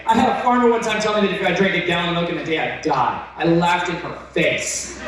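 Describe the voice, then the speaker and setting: A man preaching an excitable storytelling sermon, intense and breaking into shouts. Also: high-pitched, fast talker, hardly any pauses. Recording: very echoey, from far off.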